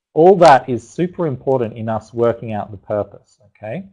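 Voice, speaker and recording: A man leading an online parenting class at a mid-range pitch. He talks in a chatty, encouraging way, stopping to restart thoughts as he speaks straight to viewers. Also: brisk, darkish tone, dull audio. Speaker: webinar presenter on parenting. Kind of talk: live online teaching webinar.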